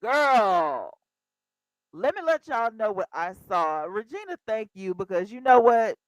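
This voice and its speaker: A woman's voice: medium pitch, a little slow, no room sound, highs cut off. Chatty woman in her fifties, dry sound. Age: 50s. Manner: animated, chatty, talks straight to viewers. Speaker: livestream host. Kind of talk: casual livestream chat.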